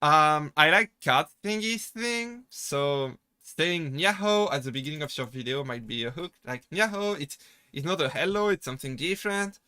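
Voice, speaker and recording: Male streamer, slightly high, bright tone, dry close sound, earnest advice, broken grammar. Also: expressive, moderate pace, smooth, no room sound. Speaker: VTuber streamer. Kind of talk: casual livestream advice Q&A.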